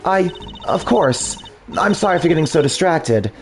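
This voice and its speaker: A gentle, apologetic young woman as a man puts her on, her voice raised a bit and very lively in pitch. She speaks softly and earnestly, with polite, shaken phrasing, in a fan dub of a game. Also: moderate pace, faint music behind, close to an everyday voice.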